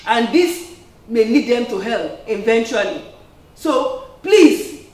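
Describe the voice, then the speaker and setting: A woman's voice: fairly high pitch, expressive, slow pace, darkish tone. A woman preacher giving an earnest sermon, peppered with "amen" and "praise the Lord". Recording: echoey room, distant mic.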